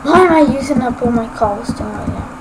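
High-voiced woman ranting over gameplay. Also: lively intonation, fast. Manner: rambling, ranting at haters. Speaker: Let's Play gamer. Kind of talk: casual gameplay commentary. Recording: noisy homemade recording.

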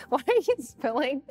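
A woman guest in a home kitchen, chatting while cooking, animated and quick to laugh. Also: sits high. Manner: animated, laughing, bossy about pours. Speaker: guest food creator. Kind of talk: casual chat while cooking and drinking.

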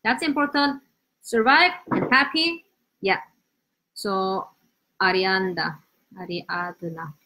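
A woman teaching Korean on a live lesson, animated, switching between Korean and English, with uneven English grammar. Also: mid-range voice, slow, pauses often, a little hiss or hum. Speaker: Korean language teacher, host. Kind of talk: live-stream language lesson.

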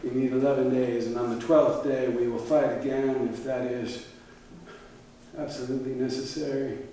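A man's voice: medium pitch, flat delivery, moderate pace, dark tone, slight background noise, lightly acted. An actor playing a grieving old king, proud yet humbled, who talks in a pleading way on a theater stage. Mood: weary. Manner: pleading, then raging. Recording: echoey theater, mic far off.

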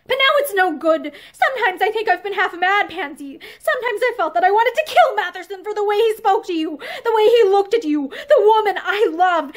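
Woman voicing a heartsick man in a period novel reading, impassioned and pleading, voice pitched very high. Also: expressive, moderate pace. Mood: passionate pleading.

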